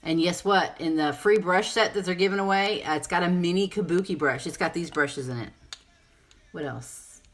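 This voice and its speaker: Chatty woman with a low voice, rambling through a live makeup demo. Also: moderate pace. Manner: chatty, rambling, answers viewer comments. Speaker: makeup seller and presenter. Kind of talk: casual live makeup tutorial.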